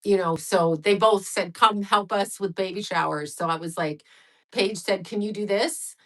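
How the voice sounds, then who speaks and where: A woman's voice: medium pitch, steady tone, normal speed, rough recording. Woman in her sixties rambling on a livestream, blunt, swears a lot, chats back to viewers. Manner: candid, rambling, profane, answers chat messages. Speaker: livestream host. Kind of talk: casual livestream chat.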